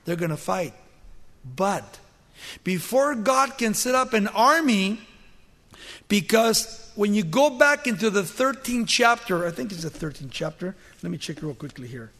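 Male preacher, storytelling sermon, high voice, long hall reverb. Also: big pitch swings, a little slow, pushed and bright. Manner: storytelling, asks rhetorical questions.

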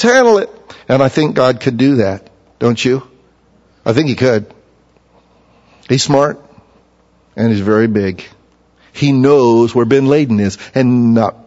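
A middle-aged man preaching with a fairly high voice, telling stories in a folksy way. He drops low and quiet, then rises loud and emphatic. The recording sounds dull and lo-fi. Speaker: pastor. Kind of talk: sermon.

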